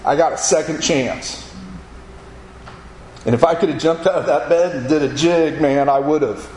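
A man's voice: on the high side, normal speed, a little mellow, a little hiss or hum. Man telling his testimony, echoey room. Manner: vivid storytelling, acting out quoted voices. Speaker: speaker giving a personal testimony. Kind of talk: spoken testimony to an audience.

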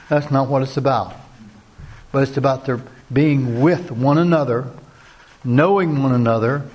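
A man's voice: mid-range voice, darkish tone. A man giving an earnest, sermon-like talk to a Christian men's group, repeating key phrases and asking direct questions. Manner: asks the audience direct questions. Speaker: Christian men's ministry speaker.

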